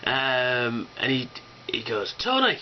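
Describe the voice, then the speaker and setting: A man records a casual, rambling video response, full of ums and cheerful swearing. His voice sits at an ordinary pitch, and his delivery stays enthusiastic. The sound is dull and lo-fi, with a faint hiss behind it. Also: a little slow. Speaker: fan convention vlogger.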